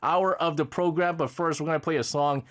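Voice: medium pitch, brisk, a bit bright. A radio host in casual chat, teasing a co-host and laughing often.

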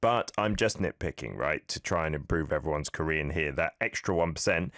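A man's voice: extremely low pitch, brisk, few pauses, a bit bright, no room sound, studio quality. A male host coaching listeners' pronunciation in a radio-style language lesson, upbeat and encouraging with some playful nitpicking.

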